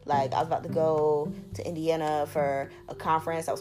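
A woman's voice: low-pitched, level tone, fairly quick. Candid, slangy young woman over music. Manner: candid, emphatic, slangy, repeats for emphasis. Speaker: podcast host. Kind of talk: casual monologue. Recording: music playing underneath.

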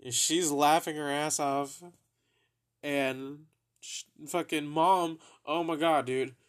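Slow-talking young man telling stories. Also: on the high side, steady tone. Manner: laid-back, profane, laughs through his own story. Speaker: podcast host. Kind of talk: casual storytelling.

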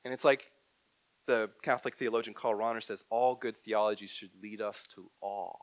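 A man preaching a sermon, swinging from loud emphatic bursts to hushed, near-whispered lines. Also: lowish voice, steady tone, moderate pace, no echo. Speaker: pastor. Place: church hall.

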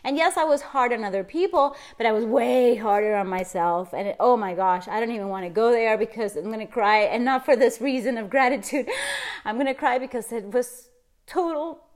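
A woman's voice: on the high side, a little fast. A middle-aged woman hosting her own podcast, talking casually and effusively about gratitude and self-talk, laughing often. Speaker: podcast host. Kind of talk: casual motivational monologue.

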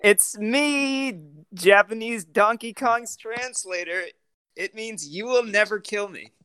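A podcaster voicing a joke Japanese Donkey Kong ape, speaking slowly and deliberately in a bit voice. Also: medium pitch, bright, forceful tone, clear, resonant tone, no room sound. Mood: deadpan.

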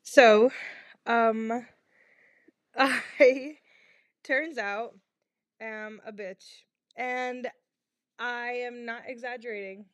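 A woman's voice: fairly high pitch, steady tone, extremely slow, pauses often, dry recording, clean studio sound. A young woman hosting her own podcast, recorded in her bedroom on a small microphone, rambling in a casual, self-deprecating way, with fillers and swearing. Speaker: podcast host. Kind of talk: casual confessional chat. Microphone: small home microphone.

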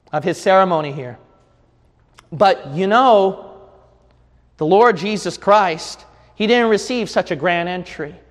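A man with a high, ringing voice preaches a sermon, swinging between hushed passages and shouted peaks. The sound hangs in a long, lingering reverb. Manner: preaching with rising shouted crescendos. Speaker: pastor.

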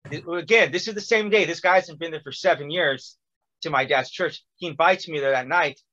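A man's voice: on the high side, a little fast, dull audio. A man telling a long personal story in casual conversation, acting out quotes with lots of fillers. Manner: animated, acts out quotes with many fillers.

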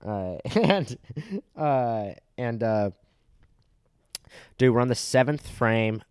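A man's voice: mid-range voice, slow, a little mellow, clean tone, no room sound, clean studio sound. Foul-mouthed young man ranting. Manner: rambling, heavy swearing and filler words, gets heated. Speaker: storyteller. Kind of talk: profane comedic storytelling rant.

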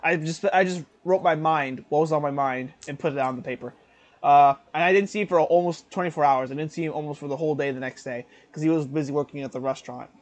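A man's voice: on the high side, fast. A young man in his twenties telling a story on a casual podcast, rambling with fillers and self-corrections and laughing often. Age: 20s. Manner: laughs often while talking. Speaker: podcast co-host.

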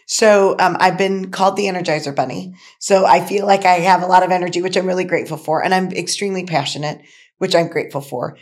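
A middle-aged woman speaks as a guest in an interview. Her voice sits a little low, and she talks with enthusiastic, emphatic drive, often circling back to repeat her points. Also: fairly even intonation, fast. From Indiana, USA. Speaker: nonprofit co-founder, guest. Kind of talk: energetic interview talk.

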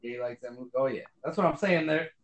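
A man's voice: mid-range voice, quick pace, roomy sound, dull audio. A man co-hosting a casual podcast, rambling with lots of fillers and swearing. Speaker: podcast co-host. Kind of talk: casual chat.

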